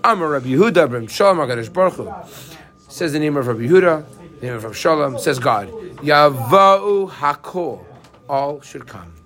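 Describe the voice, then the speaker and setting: A man's voice: a little high, normal speed. A man teaching a Torah class who keeps asking his students questions. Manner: animated, asks the class questions.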